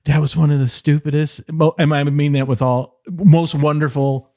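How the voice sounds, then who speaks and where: A middle-aged man from the Detroit area, a podcast guest, telling rambling, animated stories and slipping into playful voice impressions. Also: fairly high pitch, normal speed, no room sound, clean studio sound. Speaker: podcast guest, former wrestling writer. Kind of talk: casual interview storytelling.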